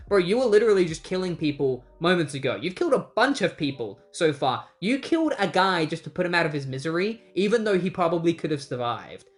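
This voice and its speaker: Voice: mid-range voice, big pitch swings, quick pace, hardly any pauses. A comic book reviewer recapping an issue in a casual, chatty way with incredulous asides.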